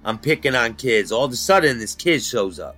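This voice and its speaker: A man bluntly recounting his rough youth in an interview, talking in street slang and swearing freely. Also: mid-range voice, sing-song, fairly quick, fairly bright tone, soft background music. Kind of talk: candid life-story interview.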